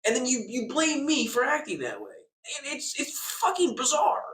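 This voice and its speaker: A man's voice: very high voice, wildly swooping pitch, moderate pace, a bit bright. A young man ranting in a vlog, heated and profane, often stumbling and restarting his sentences. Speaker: vlogger. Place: hotel room. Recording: echoey room, far from the mic.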